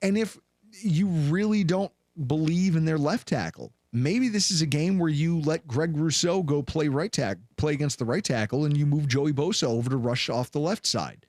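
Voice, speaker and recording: A man in his thirties hosting a sports podcast, telling a story with lively acted-out voices. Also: a little high, normal speed, dry recording, studio quality. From Buffalo, New York area. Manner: animated, acts out voices in anecdotes. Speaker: podcast host.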